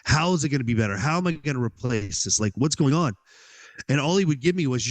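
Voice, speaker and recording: A man as a podcast guest, telling a personal story in an animated way and acting out his own inner dialogue, with many "like"s. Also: mid-range voice, fast talker.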